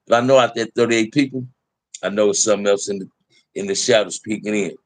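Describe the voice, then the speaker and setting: A man's voice: fairly low pitch, fast talker, dry recording. A middle-aged man telling prison stories in casual talk to a live chat, candid and laid-back, full of street slang.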